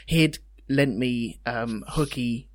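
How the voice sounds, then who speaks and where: A man's voice: mid-range voice, slow, dry recording, clean studio sound. A man guesting on a podcast, telling rambling, cheeky school anecdotes in casual chat.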